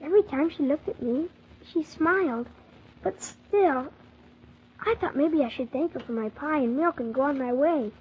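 Brief: earnest little boy, played by a woman, high voice, storybook narration, lo-fi. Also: moderate pace, slight background noise, close to an everyday voice. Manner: earnest, polite. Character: polite young orphan boy narrating. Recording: dull lo-fi old recording.

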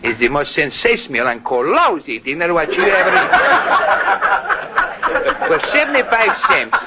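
A boastful Greek restaurant owner. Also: male voice, on the high side, sing-song, moderate pace, muffled recording. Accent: Greek, put on. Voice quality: garbled broken English, malapropisms. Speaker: comic dialect monologue. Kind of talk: 1930s vaudeville dialect comedy. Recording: noisy scratchy old radio recording.

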